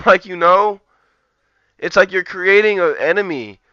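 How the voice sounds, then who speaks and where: Man, live streamer, rambling profane rant, crisp resonant voice, dry dull mic. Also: high-pitched, unhurried, sharp tone, no room sound.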